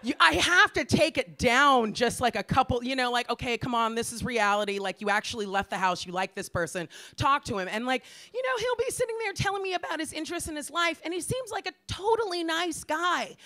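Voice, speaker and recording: An American woman in her forties doing a stand-up comedy set, brash and profane, ranting in exasperation with sudden shouted outbursts. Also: on the high side. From Los Angeles, US. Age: 40s.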